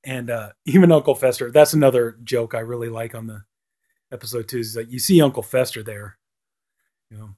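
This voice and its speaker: Reviewing a TV episode in a loose, rambling way, a man fills his talk with "you know" and acts out lines in a raised voice. His voice is mellow and medium-pitched, fairly even in intonation, and fairly quick.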